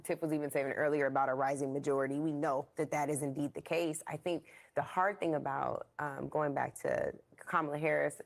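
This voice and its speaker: A woman's voice: sits low, steady tone, fairly quick, creaky. A woman on a political discussion panel, speaking in an articulate, firm way.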